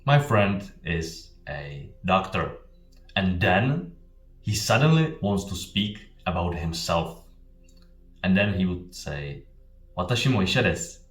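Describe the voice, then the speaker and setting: A man with a very low voice teaches in an emphatic, explanatory way, hammering the same points home. He sounds a bit distant from the mic, in a reverberant room. Soft music plays faintly underneath. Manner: emphatic, repeats key points. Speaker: Japanese teacher. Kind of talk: explanatory language lesson. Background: faint background music.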